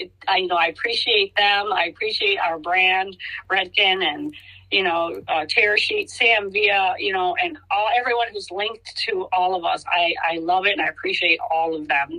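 A bright, forceful-sounding middle-aged woman chatting as an interview guest. She talks in halting bursts full of restarts, then turns animated whenever she acts out what someone said to her. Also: lowish voice, rough recording. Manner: halting, many restarts, animated quoted reactions. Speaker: guest, hairstylist. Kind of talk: casual interview chat.

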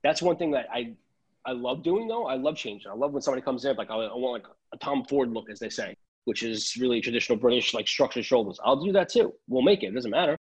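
A man's voice: mid-range voice, animated, quick pace, breathy edge, highs cut off. A man, a tailor chatting casually on a podcast, rambling and restarting his sentences.

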